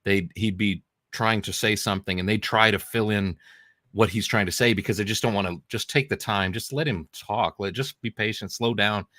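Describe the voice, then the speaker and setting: Low-voiced man telling a story. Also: normal speed, sharp tone, dry recording, studio quality. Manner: storytelling, hesitant with um and uh. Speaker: regular panelist. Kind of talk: casual storytelling.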